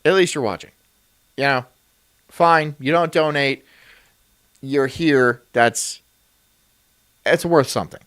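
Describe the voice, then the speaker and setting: A man's voice: mid-range voice, slow pace, pauses often, fairly bright tone, dry recording. A man streaming, reacting to a video in rambling, crude and self-mocking casual chat.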